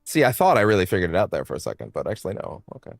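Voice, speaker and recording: A very low, gravelly man's voice, close and dry on a studio mic, with no room around it. He talks in a casual, rambling way, half to himself, with his pitch swinging widely as he tinkers with his stream setup and keeps correcting himself. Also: wildly swooping pitch, rapid-fire, dry recording. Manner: mutters to himself while fiddling with stream settings. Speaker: let's play streamer. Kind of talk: casual gameplay commentary. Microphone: studio microphone.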